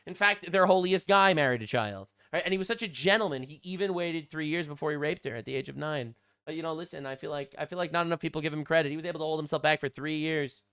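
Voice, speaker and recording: A man hosting a commentary channel, talking in a mocking, deadpan sarcastic way with frequent fillers. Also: fairly high pitch, smooth.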